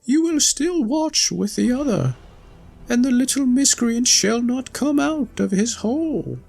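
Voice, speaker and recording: A man's voice: very high-pitched, animated, a little slow, vocal fry, a little mellow, pitched above the performer's own voice, exaggerated voice. A man voicing a tired female owl on guard in a storybook reading, musing to herself in a raised, lighter voice. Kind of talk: storybook narration.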